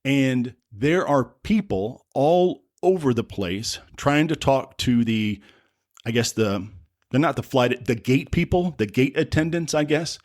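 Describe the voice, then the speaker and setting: A man's voice: mid-range voice, lively intonation, a little slow, a little mellow, no echo, clean studio sound. Wry American man telling a story. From United States. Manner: rambling, self-correcting, wry asides. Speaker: podcast host. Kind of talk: casual storytelling monologue.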